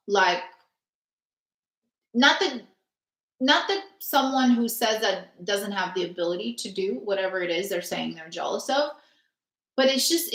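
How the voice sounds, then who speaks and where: A woman's voice: on the high side, a bit bright. A woman hosting a spiritual healing session, talking earnestly in long runs full of fillers. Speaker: spiritual healer host. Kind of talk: casual spiritual chat. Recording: echoey room.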